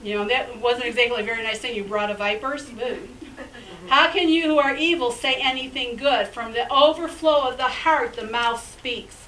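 A woman's voice: fairly high pitch, fairly bright tone, distant mic, a little hiss or hum, low-quality recording. A woman pastor preaching a sermon in an emphatic, conversational way, with chatty asides.

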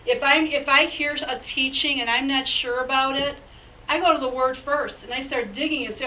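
A woman's voice: high voice, moderate pace, pushed and bright, distant mic, a little hiss or hum, rough recording. A woman pastor preaching a sermon in an emphatic, conversational way, with chatty asides.

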